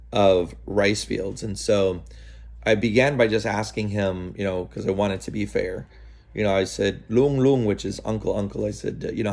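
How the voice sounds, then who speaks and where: A man with a lowish voice tells a story in a relaxed, unhurried way, pausing often and restarting his sentences. He speaks outdoors in the early morning. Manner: relaxed, halting, many fillers and restarts. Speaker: vlogger. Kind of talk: casual storytelling to camera.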